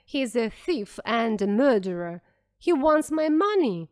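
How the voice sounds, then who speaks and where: A woman's voice: fairly high pitch, sing-song, a little slow. A woman voicing a dishonest, indignant male photographer in a story read for learners. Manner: indignant, shouting.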